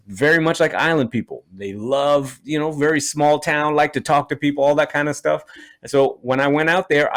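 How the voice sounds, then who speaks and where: A man's voice: mid-range voice, no echo. A man from Canada doing stand-up comedy, telling a story in a conversational way with chatty asides.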